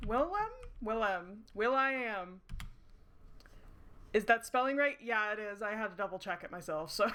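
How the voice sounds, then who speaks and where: Indoors at her screens under dim night lighting, a woman plays a romance game on stream and rambles through casual let's-play chat. Her medium-pitched voice is pushed and bright at a normal speed, and she giggles often and swears freely.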